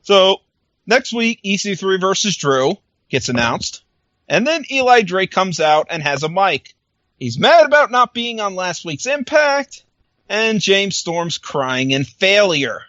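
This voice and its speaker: A man's voice: high voice, very animated, unhurried, bright, forceful tone, no echo, lo-fi sound. A man co-hosting a podcast, chatting casually and animatedly, acting out lines and laughing often. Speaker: podcast co-host. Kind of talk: casual recap chat.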